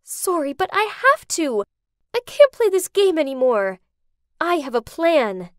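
Woman as a high, outspoken young heiress with lively swings, animated story. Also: measured pace, no echo, studio quality. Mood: indignant. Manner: emphatic, high-pitched outbursts. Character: indignant young rich bride, outspoken.

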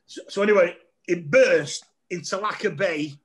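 Middle-aged man, comedian guest on a video call, fairly high voice, rambling and laughing anecdotes. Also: normal speed, a little hiss or hum. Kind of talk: casual storytelling chat over a video call.

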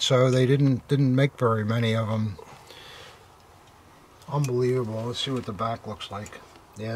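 A man's voice: mid-range voice, slight background noise. Older man marveling over militaria. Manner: hesitant, full of fillers and awed exclamations. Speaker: militaria dealer hosting unboxings. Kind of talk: casual unboxing chat.

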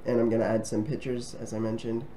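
A man of ordinary middle pitch chats easily to his viewers in a relaxed vlog. He rambles and restarts his sentences, with many ums along the way. A faint hum of ambient noise sits behind him. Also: fast talker. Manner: friendly and chatty. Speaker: travel vlogger. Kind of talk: casual talk to camera.

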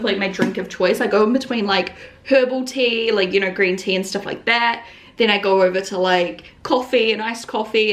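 A woman's voice: mid-range voice, a little hiss or hum. A woman in her twenties with a New Zealand accent, rambling casually through a home vlog with lots of fillers and the odd whispered aside. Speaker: vlogger. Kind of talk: casual daily vlog chat.

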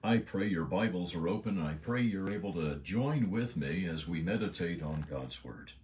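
A man's voice: deep voice, animated, moderate pace, a little mellow, slight background noise. A man giving an earnest devotional Bible lesson, stressing key words with emphasis. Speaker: Bible teacher.

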